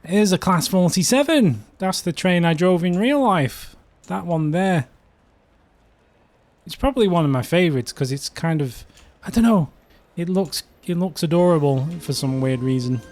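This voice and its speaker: A man's voice: on the high side, animated, normal speed, darkish tone. A man from the UK hosting a casual livestream, chatting in a rambling way with frequent fillers. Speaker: livestream host.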